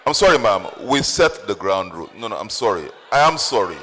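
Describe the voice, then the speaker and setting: Brief: man, town hall moderator, lively animated pitch, polite but firm, reverberant hall. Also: brisk, a little hiss or hum. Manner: firm, repeatedly apologetic while enforcing rules.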